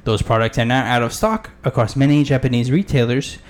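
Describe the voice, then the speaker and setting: A man's voice: medium pitch, brisk. A man co-hosting a gaming podcast, chatting casually and reading news articles aloud. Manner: chatty, laughs easily, reads articles aloud. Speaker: podcast co-host.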